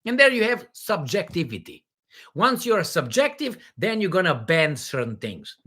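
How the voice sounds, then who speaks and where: A man's voice: high voice, huge pitch swings, moderate pace, bright, forceful tone, breathy edge. A man hosting a live Q&A, talking in a profane, emphatic and rambling way. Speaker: livestream host answering questions. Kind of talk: live Q&A monologue.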